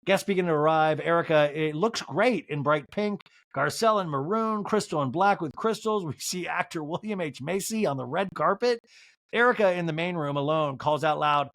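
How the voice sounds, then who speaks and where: A woman hosting a podcast, recapping a TV episode in rapid, chatty comedic talk full of fillers. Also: deep voice, lively intonation, dry recording, studio quality. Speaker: podcast host.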